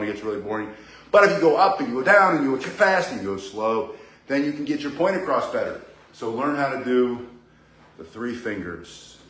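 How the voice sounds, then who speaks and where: Chatty male martial arts teacher, joking digressions, roomy indoor echo. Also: medium pitch. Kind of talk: live online bo staff lesson. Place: indoor room with a ceiling. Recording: echoey indoor room.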